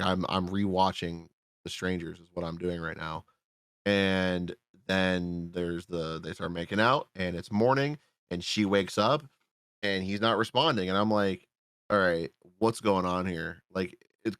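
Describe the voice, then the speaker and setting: Man, low voice, dry close sound, casual rambling film recap, lots of swearing. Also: fairly bright tone, dry recording. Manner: rambling, swears freely, acts out his own reactions. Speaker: podcast co-host reviewing a film. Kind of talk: casual profane movie recap.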